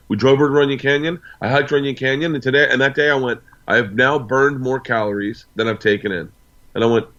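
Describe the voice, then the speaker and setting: A man's voice: medium pitch, brisk, fairly bright tone, muffled recording. A middle-aged man from the United States, a comedian guest telling a long personal story and acting out the dialogue. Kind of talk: storytelling in casual interview.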